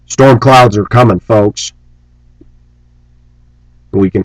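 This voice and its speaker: A man's voice: slow, pauses often, dry recording, poor audio. A man delivering an angry, preachy rant on his vlog, scornful and sarcastic. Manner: mocks opponents in shrill put-on voices. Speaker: vlogger.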